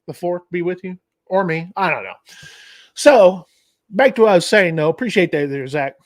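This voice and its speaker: A man's voice: high voice, animated, normal speed. A man hosting a casual livestream, telling a rambling, digressive story. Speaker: trucking channel host.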